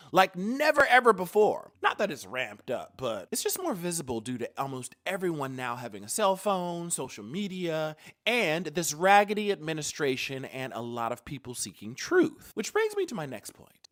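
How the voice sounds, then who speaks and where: Theatrical, bright sardonic woman. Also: deep voice. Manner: sardonic, theatrical, swinging between loud and hushed. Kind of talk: scripted comedic monologue.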